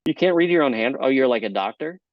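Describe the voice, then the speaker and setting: A man's voice: medium pitch, expressive, fast talker, no room sound. A man, a guest comedian, riffing wryly in casual podcast chat. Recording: dull lo-fi sound.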